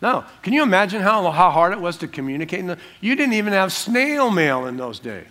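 A man preaches a sermon as pastor, his slightly raised voice swinging between loud emphatic reading and hushed, playful asides. He works verse by verse through the text and slips into little acted-out scenes. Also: sits high, fairly quick. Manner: animated, acts out little scenes in dropped voices.

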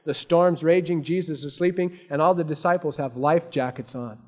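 A man's voice: fairly high pitch, normal speed, darkish tone. A man preaching a sermon, telling a Bible story and acting out the disciples' frantic cries in raised voices. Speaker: pastor. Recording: dull lo-fi sermon recording.

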